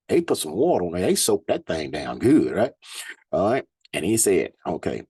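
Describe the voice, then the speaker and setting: A man's voice: on the low side, huge pitch swings, moderate pace, mellow, slightly rough, no room sound. A man, a Bible teacher, reads scripture aloud and breaks in with slangy, laughing asides between verses. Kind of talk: scripture reading with casual commentary.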